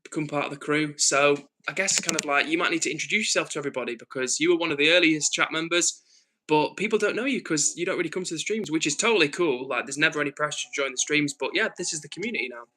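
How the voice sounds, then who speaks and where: A man hosts a casual livestream, reading his chat aloud and answering it in an earnest, thinking-aloud way. His voice sits a little high and sounds bright and forward. He often pauses with ums and restarts his sentences. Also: a little hiss or hum, poor audio. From north of England. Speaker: livestream host.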